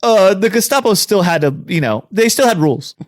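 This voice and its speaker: A man co-hosting a comedic podcast, making sarcastic deadpan asides into a close mic. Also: high voice, brisk, dry recording. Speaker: podcast co-host. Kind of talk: casual comedic chat.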